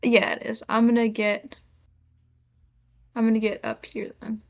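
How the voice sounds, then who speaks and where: Slow-talking woman player, lo-fi mic. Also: a little high, flat delivery, vocal fry. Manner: laid-back, unhurried, blunt. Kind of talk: casual game chat.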